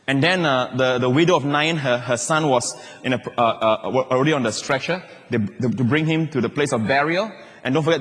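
A man preaching a sermon as pastor, swinging from excited emphasis down to soft, low asides. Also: in a large hall.

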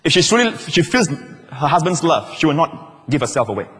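A man's voice: fairly high pitch, moderate pace, in a large hall, soft background music. A man preaching a sermon to a congregation, calling for amens and asking if they are listening. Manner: lively preaching, calls for amens, asides to the congregation. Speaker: pastor.

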